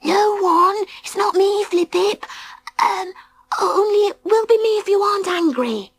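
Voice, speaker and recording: A woman voicing a small, timid young boy beaver who speaks in a high, childlike, sheepish way. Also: unhurried, dry recording.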